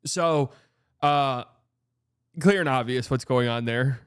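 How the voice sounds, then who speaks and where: Man, sports talk host, sarcastic, blunt, swears, mid-pitched voice, dry close sound. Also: slow pace, clean tone, no echo. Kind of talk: casual sports commentary.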